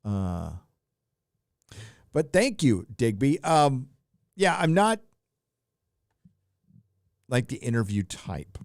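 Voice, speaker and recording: A man's voice: mid-range voice, big pitch swings, slow, long pauses, no room sound, studio quality. Profane rambling man on a handheld mic. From California. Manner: loose, rambling and profane, with frequent filler. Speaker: live stream host reading super chats. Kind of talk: casual profane live-stream chat.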